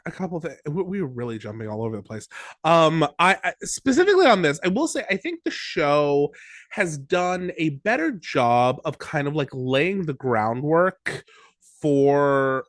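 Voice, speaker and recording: A man's voice: on the high side, big pitch swings, normal speed, dry recording, studio quality. A man co-hosting a podcast in a casual chat reviewing a TV episode, thoughtful and rambling with many fillers. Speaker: podcast co-host.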